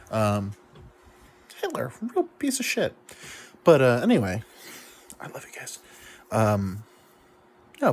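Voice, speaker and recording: A man's voice: lowish voice, creaky, a little hiss or hum. A drunk man rambling to the camera, self-deprecating and full of fillers. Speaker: YouTube comedian. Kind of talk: rambling confessional monologue to camera.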